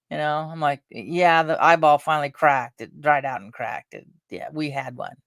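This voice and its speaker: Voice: mid-range voice, steady tone, normal speed, no room sound. Rambling middle-aged vlogger, dry sound. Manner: meandering, chatty, lots of fillers and restarts. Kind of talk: casual rambling chat.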